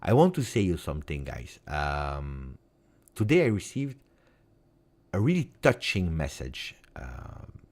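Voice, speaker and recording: A man with an Italian accent chatting on his own live stream, his voice low in pitch but very lively in its rise and fall. He talks in an emotional, heartfelt way, repeating words and moving between loud bursts and near-whispers. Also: a little slow, vocal fry. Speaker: football fan channel host. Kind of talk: casual live-stream chat.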